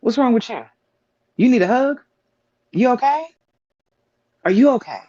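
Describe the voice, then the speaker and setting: A man with a fairly high voice speaking emphatically on a live stream, piling up rhetorical questions. The sound is dry and close, and the audio is dull and lo-fi. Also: animated, unhurried, mellow, no echo. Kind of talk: casual opinion talk.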